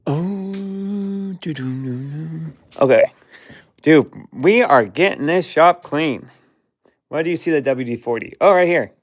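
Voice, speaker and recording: A man's voice: on the high side, animated. A man rambling to himself in casual running commentary while cleaning out a cluttered workshop. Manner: slow, rambling, talks to himself and his dog. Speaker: vlogger cleaning his workshop.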